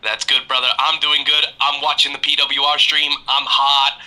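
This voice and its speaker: A male caller on a livestream, his voice sharp and slightly raised. He talks in a gushing, effusive way and keeps piling on praise. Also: fairly high pitch, level tone, moderate pace, low-quality recording. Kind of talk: casual call-in chat.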